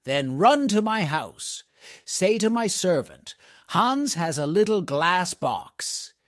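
A devoted young man from a storybook, as a male reader puts him on, speaking slowly and clearly. The voice sits a little high and moves with lively ups and downs. The sound is dry and close. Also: dry recording, exaggerated voice. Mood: earnest. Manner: slow, clear storybook reading.

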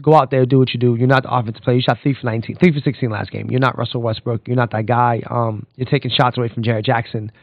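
A man's voice: medium pitch, quick pace, hardly any pauses, dry recording, dull audio. A man hosting a casual sports podcast, ranting animatedly and calling out players by name. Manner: animated, rants and calls out players directly. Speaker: podcast host. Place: Florida.

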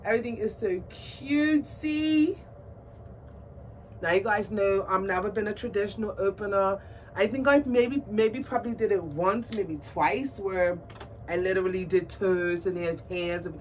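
A woman vlogs a doll unboxing, gushing and squealing with delight as she talks excitedly to her viewers on camera. Her voice is medium-pitched and steady at a normal pace, picked up by a distant mic with faint background noise.

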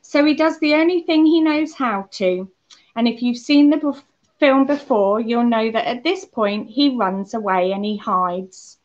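A woman leading a children's holiday club, telling a story and talking gently to the kids. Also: a little high, animated, measured pace. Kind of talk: children's talk on a Bible lesson. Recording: muffled lo-fi church recording.

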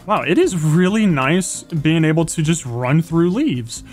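Excitable young man with high voice. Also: a little slow, few pauses. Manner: excitable, talks to animals and mobs, frequent gasps and yelps. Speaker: gaming YouTuber. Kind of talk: live gameplay commentary. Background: faint game music.

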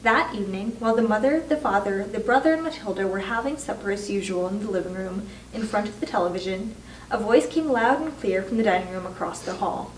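A woman reading a children's book aloud with expressive storytelling. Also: medium pitch, brisk, a little hiss or hum. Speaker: reader. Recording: echoey room, distant mic.

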